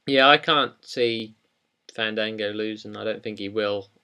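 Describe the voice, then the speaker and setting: A man's voice: on the low side, fairly even intonation, measured pace, sharp tone, smooth. A young man co-hosting a wrestling podcast in casual chat, rambling and hesitant, with many ums. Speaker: podcast co-host.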